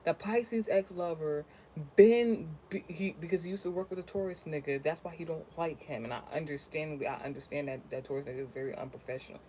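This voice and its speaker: A young woman, a content creator, tells a personal story in a casual vlog, ranting and cursing, dropping to low mutters and then rising to loud, animated outbursts. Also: a little fast, slight background noise, low-quality recording.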